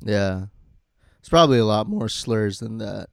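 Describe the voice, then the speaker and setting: An easygoing man chatting as a co-host, with frequent laughs and wry asides. His voice is low-pitched and smooth. It is recorded close and dry, with no room sound. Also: lively intonation, unhurried, no room sound. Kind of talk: casual chat.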